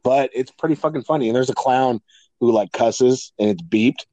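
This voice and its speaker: A man's voice: mid-range voice, moderate pace, dark tone, dry recording. A man co-hosting a podcast in casual chat, rambling, swearing freely and laughing often. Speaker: podcast co-host.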